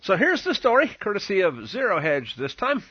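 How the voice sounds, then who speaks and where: A man delivers sarcastic political commentary in a mocking, theatrical way. His voice is high, bright and husky, and it leaps around in pitch. The recording is dry and dull. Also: huge pitch swings, normal speed, no echo. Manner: mocking, theatrical, swinging emphasis.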